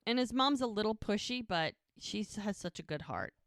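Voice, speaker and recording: A woman's voice: medium pitch, expressive, normal speed, fairly bright tone, dry recording. A woman co-hosts a casual podcast and walks through each scene by acting out the characters' lines. Her voice sits in a middle range. The sound is dry and close. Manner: retells scenes by quoting characters. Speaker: podcast co-host. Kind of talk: casual recap chat.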